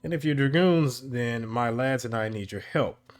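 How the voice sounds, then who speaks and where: Gruff belligerent officer played by a man, coarse growl, mid-pitched, read-aloud story. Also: normal speed, lightly acted. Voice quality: rough, gruff. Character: rough scarred male rifle officer, belligerent.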